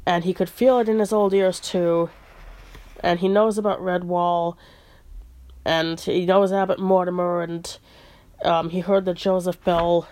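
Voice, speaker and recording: A woman with a somewhat low voice chats casually, retelling a story she's reading. She talks in a relaxed, easygoing way, full of asides. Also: a little slow. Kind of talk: casual chat, reading a book aloud.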